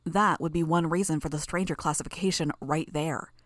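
A woman narrating a first-person audiobook in a steady, even storytelling manner. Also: deep voice, a little fast, dry recording, clean studio sound.

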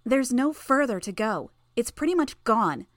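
A woman voicing a sharp, clever young woman with a flippant manner. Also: fairly high pitch, sing-song, measured pace, no room sound, voice pushed up.

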